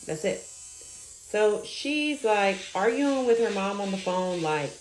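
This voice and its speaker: A woman's voice: mid-range voice, slow. Storytelling woman in an echoey room. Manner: animated, acts out quoted dialogue. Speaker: at-home nail tech. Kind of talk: storytime recounting a client.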